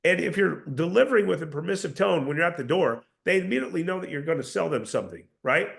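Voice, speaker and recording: Gravelly-voiced man coaching salespeople. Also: fairly high pitch, animated, quick pace, a bit bright. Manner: coaching, repetitive, demonstrates tones. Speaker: sales trainer. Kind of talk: motivational sales lesson.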